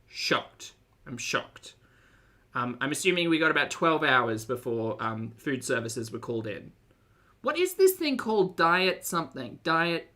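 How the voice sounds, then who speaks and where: A man's voice: fairly high pitch, pushed and bright. A young Australian man hosting a live-stream reaction, chatty and joking as he greets viewers by name. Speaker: streamer and host.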